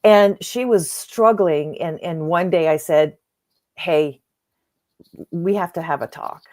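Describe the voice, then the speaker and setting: A middle-aged woman coach, a podcast guest, telling a personal story in an earnest, animated way and acting out the dialogue. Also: lowish voice, takes it slowly. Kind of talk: conversational storytelling.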